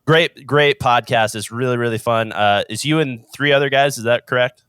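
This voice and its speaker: A man's voice: mid-range voice, moderate pace, a bit bright, clean tone, dry recording, studio quality. A man hosting a podcast in a chatty, upbeat way, with many filler sounds. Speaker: podcast host. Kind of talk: casual podcast chat.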